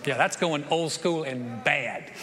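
A man's voice: a little high, slow. A man preaching a sermon to his congregation, telling stories with lots of restarts and repeated words. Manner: animated storytelling with repeated restarts. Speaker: pastor. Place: church sanctuary. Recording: long church hall reverb, faint noise.

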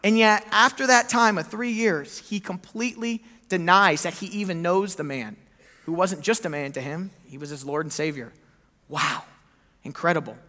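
A bright, high-pitched male pastor preaches with lively storytelling, slipping into the voices of the people he quotes. His sermon rings out with a long hall reverb around it. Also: moderate pace. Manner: animated storytelling, acting out quoted lines.

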